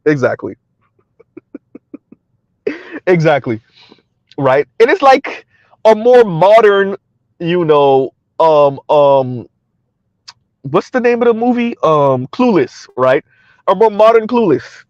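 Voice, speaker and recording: A man's voice: a little high, big pitch swings, slow pace, long pauses, a little mellow, dry recording, highs cut off. A middle-aged man hosting a casual livestream, reading chat aloud, loose and colloquial, with frequent chuckles. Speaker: livestream commentary host.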